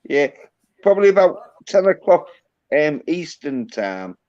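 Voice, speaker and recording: A man's voice: a little high, sing-song, unhurried, a little mellow. Laid-back Yorkshire man on lo-fi audio. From England. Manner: laid-back, swears freely, repeats "yeah, yeah". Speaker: channel host. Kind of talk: casual chat on a stream.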